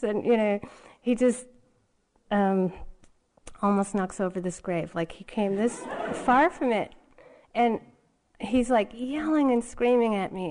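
A woman's voice: a little high, a little mellow. A woman meditation teacher giving a dharma talk, telling a personal story in a candid, rambling way full of fillers and restarts.

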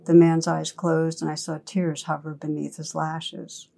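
A woman meditation teacher giving a dharma talk, telling a story slowly and gently. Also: deep voice, flat delivery, vocal fry.

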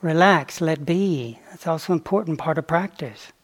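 A man giving a dharma talk on retreat as a meditation teacher, reflective and unhurried, with playful asides. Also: a little high.

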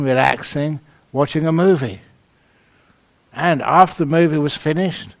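A Buddhist monk from London, England gives a humorous dharma talk at a meditation retreat, telling stories and laughing at his own jokes. His voice is medium-pitched.

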